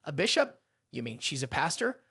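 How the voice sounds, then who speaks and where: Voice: medium pitch, sing-song, normal speed, creaky, bright, forceful tone, slightly rough, no room sound, studio quality, voice pushed down, full character voice. A narrator voicing a curious, easily impressed young male student. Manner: awed and questioning.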